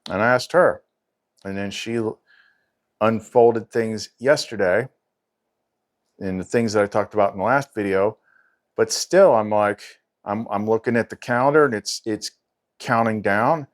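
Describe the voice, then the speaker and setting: A man's voice: fairly low pitch, measured pace, pauses often. A man talking in a rambling, agitated casual monologue, full of fillers and frustrated asides. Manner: agitated, rambling, frequent "like" and "freaking". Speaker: spiritual channel host.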